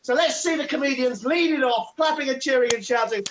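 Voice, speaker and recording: High-voiced man hosting comedy, noisy line. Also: brisk. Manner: loud, hyped-up emcee patter. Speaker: comedy show host. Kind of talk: live online comedy compering. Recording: noisy online call audio.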